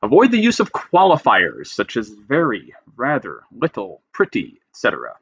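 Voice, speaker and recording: A creative writing teacher reads style rules aloud and explains each plainly and emphatically, lecture-style. His mid-range voice swings hugely in pitch at normal speed, sounding a bit bright and slightly rough. The audio is dull with no echo.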